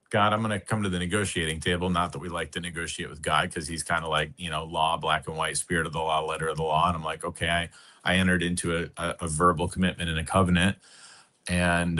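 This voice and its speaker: Deep, bright-toned man telling a story. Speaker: podcast guest. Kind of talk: personal storytelling.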